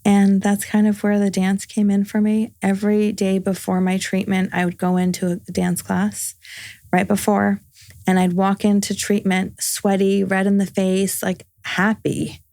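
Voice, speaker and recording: A woman's voice: mid-range voice, monotone, normal speed, dark tone, no echo, studio quality. A woman in her forties, a podcast guest telling a personal story in casual conversation, earnest and full of reported dialogue. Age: 40s.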